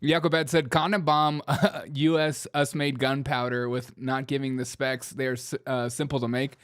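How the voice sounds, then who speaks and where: A man's voice: fairly high pitch, normal speed, a bit bright, dry recording. A male show host riffing on political clips with a loose, irreverent delivery and frequent laughter. He reads viewer chat messages aloud and jokes about them as he talks into a streaming mic. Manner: laughs often, mocking and irreverent. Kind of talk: comedic political commentary.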